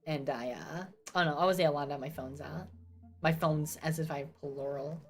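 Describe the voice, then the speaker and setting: A woman's voice: deep voice, fairly even intonation, moderate pace, soft background music. A young woman from New Jersey chatting casually as a streamer, ranting and swearing with self-mocking asides. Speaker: VTuber streamer.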